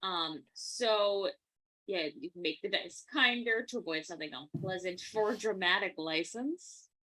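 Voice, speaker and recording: Woman player w a bright crisp voice, kinda hesitant, looking up rules for everyone. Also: medium pitch, measured pace, rough recording. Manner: helpful, hesitant, pointing to the rule book. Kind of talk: casual tabletop game chat.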